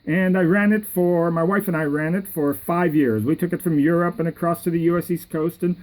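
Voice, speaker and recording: A middle-aged man with a fairly high voice tells a story in a loose, rambling monologue. He circles back and repeats phrases, and he lifts his voice when he quotes other people. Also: fairly even intonation, fairly quick, darkish tone, poor audio. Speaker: yacht captain.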